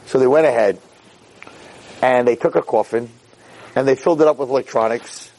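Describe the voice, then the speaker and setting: A man giving a Torah class as an animated storyteller, peppering his talk with Hebrew terms and rising high for emphasis. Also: normal speed, pauses often, low-quality recording.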